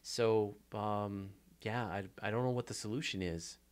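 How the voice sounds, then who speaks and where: Canadian man, lowish voice, casual Q&A host, chatty, self-deprecating, lots of ums. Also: a little slow, smooth. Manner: chatty, self-deprecating, many fillers and restarts. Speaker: show host answering viewer questions. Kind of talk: casual live Q&A chat.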